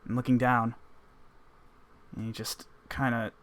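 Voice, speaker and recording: Man, game master, narrating, rambling, descriptive, mid pitch. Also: little pitch movement, measured pace, fairly bright tone.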